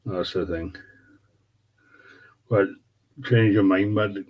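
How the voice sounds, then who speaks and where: A man's voice: fairly low pitch, fairly even intonation, takes it slowly, lo-fi sound. A man hosting a casual livestream, chatting laid-back with viewers, swearing freely and calling them mate and bud. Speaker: livestream host. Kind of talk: casual live chat with viewers.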